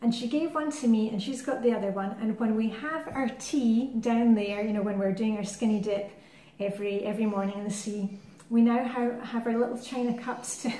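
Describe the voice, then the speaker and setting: A woman vlogger talks in a chatty, friendly way, full of ums and restarts, and then reads a poem aloud. Her voice sits a little on the high side. The recording has a noticeable roomy echo. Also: fairly quick, recorded from a distance. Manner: chatty and warm-hearted, with frequent fillers. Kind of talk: casual chat and poem reading. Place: living in Denmark.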